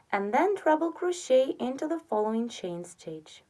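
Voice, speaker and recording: A woman giving a step-by-step crochet tutorial, patiently counting stitches aloud and softly trailing off on the counts. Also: high voice, big pitch swings, normal speed, few pauses. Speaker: crochet instructor.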